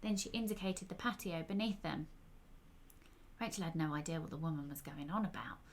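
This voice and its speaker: A woman's voice: deep voice, steady tone, fairly quick, a little hiss or hum. A woman storyteller reading her own fiction aloud in a wry, conversational way.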